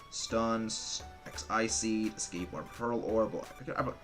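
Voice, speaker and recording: A male streamer giving excitable, rambling commentary while he plays a game, restarting his sentences often. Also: lowish voice, unhurried, few pauses, music in the background. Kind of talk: casual gameplay commentary.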